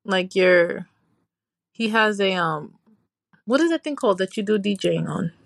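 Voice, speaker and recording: Woman co-host, casual podcast banter, animated, mid-pitched, dry close sound. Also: normal speed, creaky, no echo. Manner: chatty, animated storytelling with playful voice imitations. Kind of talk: casual chat.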